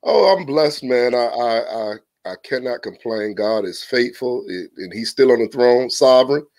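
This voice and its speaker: Southern virginia pastor guy on a church podcast, lively, trips over his words, dry mic. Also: medium pitch, normal speed, dry recording. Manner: animated, exclamatory, storytelling, frequent restarts. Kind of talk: casual church podcast interview.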